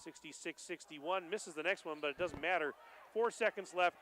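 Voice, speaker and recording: A man doing live play-by-play for a high school basketball game, excited and rising to shouts at the big plays. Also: normal speed, a little hiss or hum, poor audio. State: out of breath. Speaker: play-by-play announcer.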